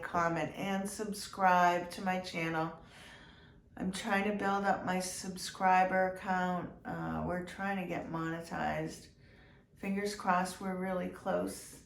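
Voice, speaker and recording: Slow, congested woman vlogging. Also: fairly low pitch. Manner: slow, open and heartfelt, with many ums and restarts. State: congested from a cold. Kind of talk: casual personal update to viewers. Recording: echoey room with faint noise.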